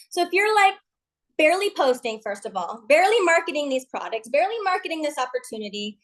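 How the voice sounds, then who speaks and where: A high-voiced woman delivers a motivational talk to her sales team. She is emphatic and upbeat and drops folksy slang. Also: very animated, fast. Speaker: MLM team leader on a call.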